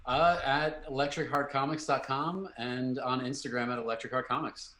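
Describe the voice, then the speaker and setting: A man's voice: medium pitch, steady tone, moderate pace, pushed and bright, echoey room. A man appearing as a guest comics creator in casual chat, easygoing and brief, with hesitant fillers.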